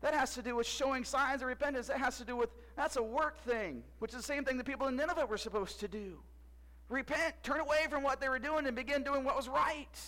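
A man's voice: very high voice, fast, bright, forceful tone, poor audio. A man performing a playful first-person Bible story monologue, joking and quizzing the audience. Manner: playful, jokey, asks audience questions. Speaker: costumed storyteller in church skit.

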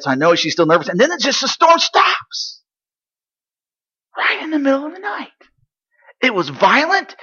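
An excitable eight-year-old village boy, played by a grown man, tells his tale in a very high, bright voice with a husky edge. He chatters eagerly and slips into hushed, secretive asides. The recording sounds dull and lo-fi. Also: full character voice. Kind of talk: dramatic first-person monologue.

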